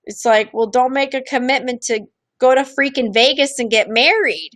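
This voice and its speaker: A woman's voice: fairly high pitch, moderate pace, fairly bright tone, no echo. A woman hosting a streamed show, explaining ideas in a candid, casual way and acting out quoted voices, with frequent restarts.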